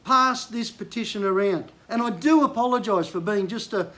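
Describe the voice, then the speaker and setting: A man's voice: high voice, normal speed, a bit bright. An older man from Queensland with an Australian accent, a bush mechanic venting frustration in a blunt political rant to camera. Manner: frustrated, blunt, rising to angry outbursts.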